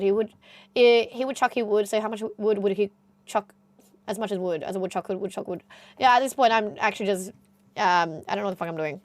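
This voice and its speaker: A woman's voice: mid-range voice, a little fast, dry recording. A young Australian woman with an Australian accent, chatting casually with her live-stream audience, laughing often. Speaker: livestreamer.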